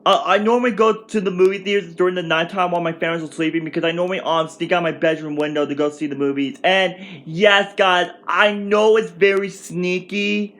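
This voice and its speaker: A man in his twenties telling a rambling, excitable storytime rant at home for his vlog, restarting his sentences often. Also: fairly high pitch, fast talker, few pauses. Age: 20s. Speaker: vlogger.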